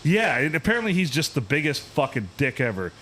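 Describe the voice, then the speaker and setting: A man, hosting a podcast, telling a profane, animated story in a casual, ranting way. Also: on the high side, brisk, a little hiss or hum. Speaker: podcast host.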